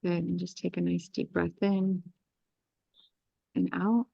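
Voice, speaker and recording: A woman astrologer leading a live group energy clearing, guiding breaths and chanting soothing, commanding incantations. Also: fairly low pitch, flat delivery, slow, dark tone, no echo, muffled recording. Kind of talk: guided energy clearing meditation.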